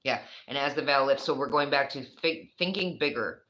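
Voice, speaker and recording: Bright-voiced New York tarot reader. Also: medium pitch, a little fast, muffled recording, a little hiss or hum. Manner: rambling, chatty, swears casually. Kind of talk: casual tarot reading to a viewer.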